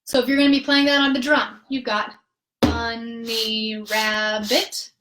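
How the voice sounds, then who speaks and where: A music therapist with a slightly high, steady voice leads a live-streamed rhythm lesson, counting beats slowly and clearly. She's patient and upbeat, and her voice echoes around a roomy space.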